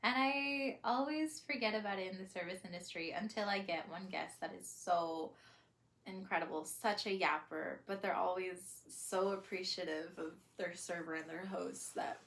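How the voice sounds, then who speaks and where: A young woman talking to camera in a reflective, casual vlog, soft and hesitant with many pauses and small laughs. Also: fairly low pitch. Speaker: vlogger.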